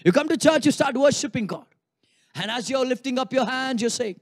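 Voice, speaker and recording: A male pastor preaching a sermon in an animated way, playfully acting out what people think during worship. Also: very high-pitched, fairly quick, husky. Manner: animated, acts out congregants' inner thoughts with humor.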